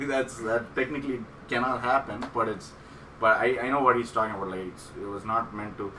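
A man's voice: medium pitch, fairly even intonation, a little fast, sharp tone. A man telling a long rambling story in casual chat, often laughing and stumbling over words. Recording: roomy, distant mic with background noise.

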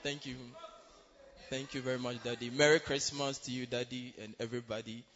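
A young man from Ghana giving a polite, halting church testimony in a large church hall. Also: mid-range voice, flat delivery, a bit bright. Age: young adult. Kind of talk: spoken testimony. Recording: reverberant hall, dull sound.

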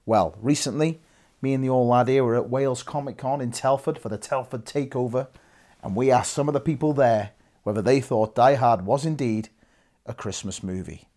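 Jokey man, mellow voice. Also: mid-range voice, normal speed. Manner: chirpy, jokey, laughs easily. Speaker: co-host of a film countdown show. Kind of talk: casual countdown banter.

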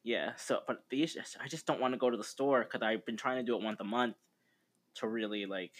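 A podcast co-host with a mid-range, slightly quick voice chats casually. His talk rambles in a laid-back way and is full of fillers.

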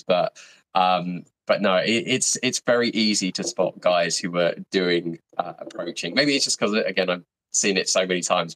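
A man's voice: sits low, a bit bright, dry recording. A man chatting as a podcast guest, hesitant with many ums. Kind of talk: casual podcast chat.

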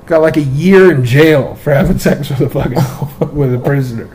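A man's voice: a little high, moderate pace. A man telling crude, profane stories in a casual podcast chat. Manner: crude, profane, animated storyteller. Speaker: podcast co-host.

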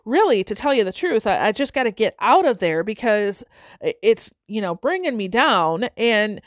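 A woman's voice: medium pitch, big pitch swings, normal speed, dry recording, lightly acted. A woman doing an eager young man. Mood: complaining. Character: young man looking to relocate.

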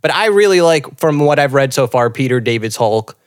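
A man's voice: medium pitch, lively intonation, normal speed, clear, resonant tone, dry recording, studio quality. A man in a casual chat, rambling and laid-back, swearing and laughing often. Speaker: podcast co-host.

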